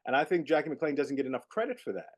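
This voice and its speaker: A man's voice: a little high, quick pace. A middle-aged man, a guest jazz saxophonist, telling stories in a casual interview and leaning on "you know" as he talks. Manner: animated storyteller, peppered with "you know".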